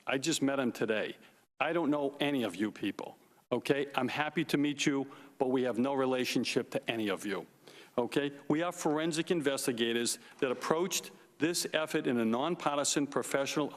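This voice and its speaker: A man testifying as a forensic investigator at a hearing, emphatic and deliberate, repeating his key points. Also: mid-range voice. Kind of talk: formal opening statement. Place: hearing room. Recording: long reverb of a hearing room.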